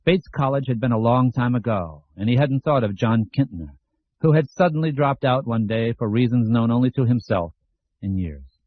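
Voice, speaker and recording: Guy narrating an audiobook, husky voice, kinda dull lo-fi recording. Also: medium pitch, normal speed, no echo. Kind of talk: scripted narration.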